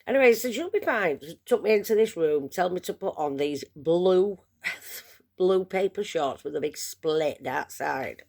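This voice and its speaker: A woman's voice: on the low side, lively intonation, a little slow, creaky, darkish tone. A woman chatting to camera, telling a long story in a rambling, self-mocking way. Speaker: vlogger. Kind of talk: casual storytelling.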